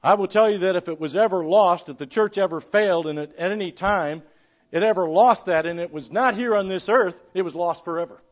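Preaching man with a high, rising voice. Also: brisk, highs cut off. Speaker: pastor. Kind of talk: sermon.

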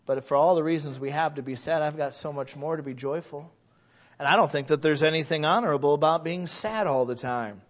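A man preaching a sermon in a church, animated and quick to laugh as he talks to the congregation. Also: fairly high pitch, lo-fi sound. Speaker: pastor.

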